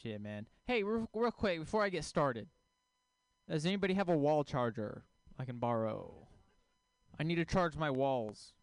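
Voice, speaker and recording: A man performs deadpan stand-up one-liners with pauses between them. His voice is smooth and a little high, and the sound is dry. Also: dry recording. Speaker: stand-up comedian. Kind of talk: stand-up set.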